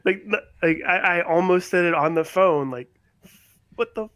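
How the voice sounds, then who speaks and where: A man co-hosting a live stream, telling a story in a halting way, repeating words and laughing. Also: on the high side, a bit bright, clear, resonant tone, no room sound. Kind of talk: casual storytelling.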